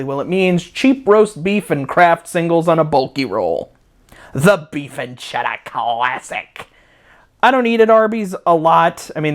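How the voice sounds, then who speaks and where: A man hosting a comedic review video from home, ranting in a sarcastic, profane, rambling way. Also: a little high. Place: at home with a dog.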